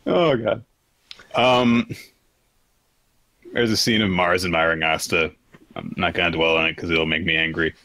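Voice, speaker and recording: Male podcast host, deep and forceful, dry sound, rambling recap. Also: steady tone, normal speed, long pauses, dry recording. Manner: rambling, lots of fillers, exasperated asides. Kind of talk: casual chat recapping manga.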